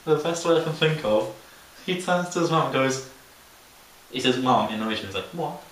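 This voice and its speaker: A man's voice: mid-range voice, lively intonation, brisk, fairly bright tone. Young male podcast co-host, casual storyteller, roomy distant sound with faint hiss. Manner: rambling storyteller, laughs mid-sentence, mimics voices. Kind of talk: casual chat.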